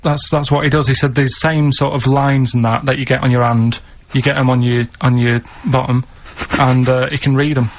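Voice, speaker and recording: A man telling odd stories in a slow, halting, deadpan way during casual radio chat. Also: medium pitch. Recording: slightly dull radio studio sound, faint hiss.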